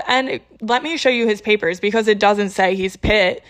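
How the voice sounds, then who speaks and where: A young woman casually telling a story to her viewers, exasperated and animated, acting out the people she quotes. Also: medium pitch, normal speed.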